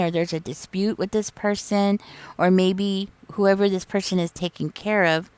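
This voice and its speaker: A woman's voice: mid-range voice, a little mellow, dry recording. A woman giving a casual tarot reading, chatty and rambling as she thinks aloud. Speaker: tarot reader.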